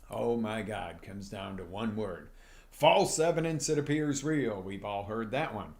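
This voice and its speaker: On a live stream, a male life coach with a fairly low voice gives an energetic motivational talk at a measured pace. He speaks straight to his viewers and acts out little scenes.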